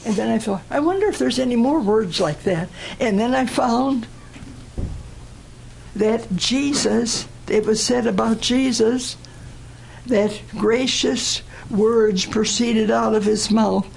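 An older woman giving a personal testimony at a church gathering, telling her story in an earnest, deliberate way. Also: fairly high pitch, creaky, darkish tone, slight background noise, rough recording.

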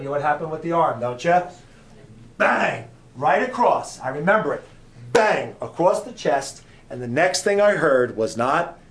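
A man preaching a sermon at a camp meeting, dramatic and full of questions to his listeners, swinging from loud cries to hushed whispers. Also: fairly high pitch. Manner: asks the audience many questions.

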